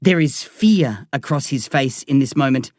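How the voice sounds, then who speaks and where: A woman's voice: a bass voice, expressive, moderate pace, a little mellow, no room sound, studio quality. A woman narrating a novel in the first person, with an intense, dramatic delivery. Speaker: audiobook narrator.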